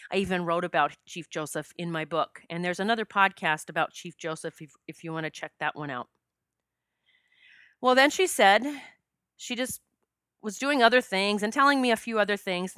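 A woman's voice: lowish voice, moderate pace, a bit bright, clear, resonant tone, dry recording, studio quality. A woman hosting a podcast, telling a personal spiritual story and getting choked up as she talks. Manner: emotional, gets choked up. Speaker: podcast host.

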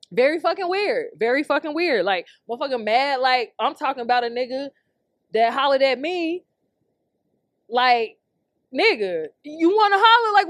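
Young woman ranting loud and profane. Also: on the high side, dry recording, clean studio sound. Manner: loud, heated, swearing nonstop, bursts of laughter. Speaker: podcast host. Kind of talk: profane comedic rant. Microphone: studio mic on camera.

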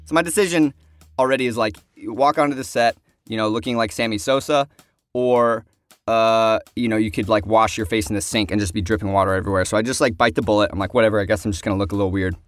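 A man's voice: lowish voice, fast, dry recording. A young man casually telling a story about a film shoot, acting out other people's lines.

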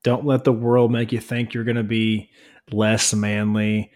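A man's voice: fairly low pitch, little pitch movement, measured pace, a little mellow. A man co-hosting a faith-based podcast, plain-spoken and encouraging, repeating points for emphasis. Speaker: podcast co-host.

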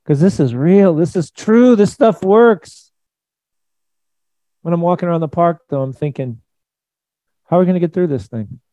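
A man preaching a sermon in a conversational, emphatic way, swinging between loud and soft. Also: on the high side, expressive, moderate pace, pauses often, no room sound. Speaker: pastor.

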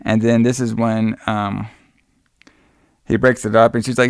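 A man's voice: fairly low pitch, flat delivery, measured pace, clear, resonant tone, no room sound, clean studio sound. A man co-hosting a podcast who recaps a movie in a rambling, laid-back way, laughing often and swearing freely. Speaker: podcast co-host. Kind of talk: casual movie recap chat.

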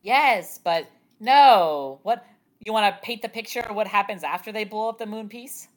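Woman, podcast co-host, animated, laughing a lot, exasperated plot recap, casual chat. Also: medium pitch, moderate pace. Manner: animated, laughs often, uses many fillers like "like". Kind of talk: casual anime discussion podcast.

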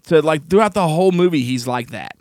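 A man co-hosting a podcast, casually reviewing a film in an animated, exasperated way, laughing often. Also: fairly high pitch, fast talker, no echo, clean studio sound. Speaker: podcast co-host.

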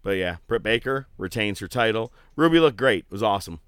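A man co-hosting a podcast, talking in a loose, animated way with plenty of jokes and casual swearing. His pitch swings widely as he gets excited, and the sound is close and dry, with no room around it. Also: a little fast, clear, resonant tone, no room sound. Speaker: podcast co-host. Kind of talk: casual chat.

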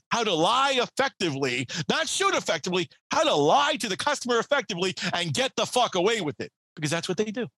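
Fiery cursing man ranting, high voice. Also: sharp tone, no room sound. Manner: fiery, cursing, laughs between lines. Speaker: guest podcaster. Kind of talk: profane comedic rant.

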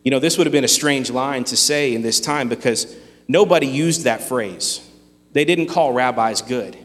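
A man preaching a sermon, earnest and emphatic, with dramatic pauses. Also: medium pitch, a bit bright, long reverb tail. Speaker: pastor.

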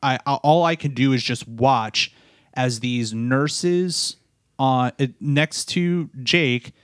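A man of middling pitch tells a personal story, sounding tired. He halts, repeats himself and restarts his sentences. The sound is dry and close. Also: clean tone, dry recording. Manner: halting, repeats words and restarts often. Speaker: podcast co-host, new father.

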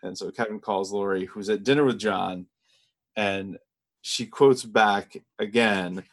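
A man co-hosting a podcast, casually recapping a TV episode from his notes in a relaxed, measured way. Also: on the low side. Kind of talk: casual chat.

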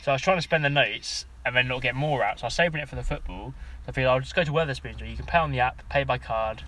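A man's voice: mid-range voice, very fast, pushed and bright. A man co-hosting a podcast in casual, sweary, joking chat, laughing often. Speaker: podcast co-host.

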